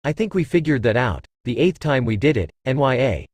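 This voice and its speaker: A man's voice: mid-range voice, animated, fairly quick, no room sound, clean studio sound, close to an everyday voice. A man voicing a playful, flirtatious female cat-demon who teases and purrs. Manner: purring, teasing.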